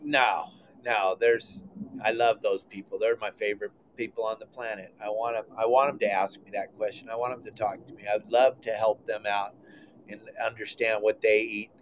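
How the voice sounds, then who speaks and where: A man's voice: on the low side, flat delivery, normal speed, a little hiss or hum. A middle-aged man hosting a casual podcast, talking with emphatic enthusiasm about taking kids fishing. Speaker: podcast host.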